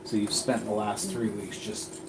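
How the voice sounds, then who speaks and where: A man running a tabletop game as game master, narrating in a plain, halting way with fillers. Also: lowish voice, fairly even intonation. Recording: distant mic with background noise.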